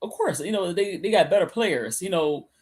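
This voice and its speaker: A woman from Michigan co-hosts a casual sports podcast over a remote call, speaking from her computer away from the mic. Her fairly low voice is husky and slightly mellow, with lively intonation at a normal speed, and she rambles and restarts often.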